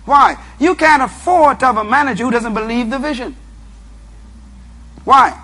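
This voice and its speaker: A man's voice: very high-pitched, normal speed, bright, forceful tone. A man preaching a motivational sermon, emphatic and repetitive, who tells his audience what to write down. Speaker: preacher and leadership speaker.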